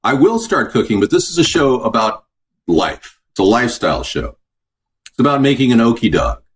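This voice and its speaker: A man's voice: medium pitch, sing-song, normal speed, slight background noise. A man hosting a casual cooking show from his home kitchen, chatting and answering viewer comments as he goes. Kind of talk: casual live-stream cooking chat.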